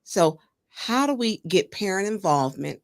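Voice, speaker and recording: A woman hosting a talk show, chatting casually with a guest and telling stories in an animated way. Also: mid-range voice, moderate pace, dry recording. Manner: storytelling, animated, laughs while talking. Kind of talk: casual interview chat.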